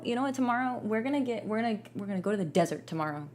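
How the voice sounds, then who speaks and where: A woman's voice: a little high, lively intonation, rapid-fire, a little mellow. A young woman gaming streamer in casual live-stream chat, giggly, rambling and playful.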